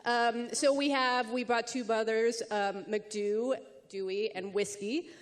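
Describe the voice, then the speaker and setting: A woman's voice: on the high side, fairly even intonation, takes it slowly, long reverb tail. A woman telling a rambling story on a panel, full of ums and restarts. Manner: rambling, hesitant, many ums. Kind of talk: panel discussion.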